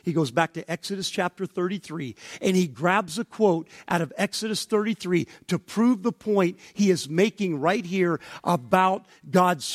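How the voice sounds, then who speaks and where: Emphatic high-voiced male preacher. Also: dry recording, clean studio sound. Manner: emphatic, rising to near shouts on quoted objections. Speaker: pastor. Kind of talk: sermon.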